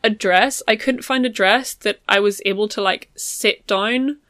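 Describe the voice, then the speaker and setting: A woman's voice: mid-range voice, measured pace, fairly bright tone, no room sound, studio quality. A young woman chatting casually about making her own clothes, rambling with many ums and likes. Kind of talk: casual chat.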